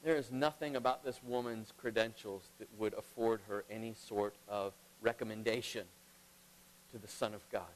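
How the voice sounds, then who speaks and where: A middle-aged man preaching a sermon as pastor, emphatic, swinging between loud and hushed. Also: lowish voice, steady tone, normal speed. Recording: long reverb of a large hall.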